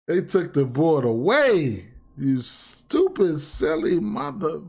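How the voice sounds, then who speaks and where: Man, fairly high voice, casual stream talk, profane, repeats himself, gets worked up. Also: sing-song, takes it slowly, a little mellow. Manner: profane, repetitive, heated. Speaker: sports betting streamer. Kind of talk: casual livestream rant.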